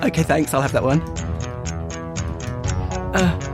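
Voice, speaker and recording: A man's voice: fairly high pitch, takes it slowly, loud music behind the voice. A man co-hosting a podcast, chatting casually while playing a word game, hesitant and giggly. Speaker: podcast co-host.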